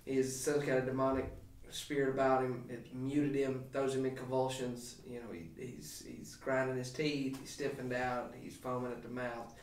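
A man, a pastor, talking through a scripture passage on a podcast in an emphatic, animated preaching way with frequent restarts. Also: mid-range voice, moderate pace, few pauses, echoey room, far from the mic. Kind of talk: podcast sermon talk.

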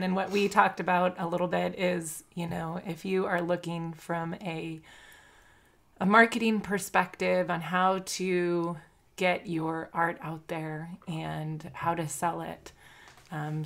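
A woman's voice: fairly low pitch, vocal fry. A middle-aged woman from California, a guest explaining things earnestly and steadily in a casual interview. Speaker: marketing guest.

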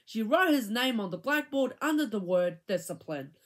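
A woman reading a children's chapter book aloud, with an expressive, animated delivery. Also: a little high, moderate pace. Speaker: reader.

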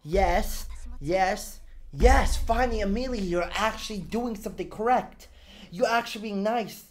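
A woman giving casual reaction commentary on an anime, excitable, swearing and repeating words in bursts. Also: medium pitch, unhurried.

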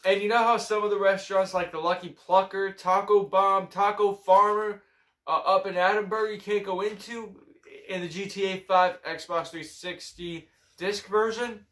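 A man's voice: high-pitched, steady tone, moderate pace, sharp tone. A young man chatting casually about video games as a co-host, eager and a little hesitant. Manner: eager, hesitant, full of fillers. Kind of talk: casual gaming chat. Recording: echoey room.

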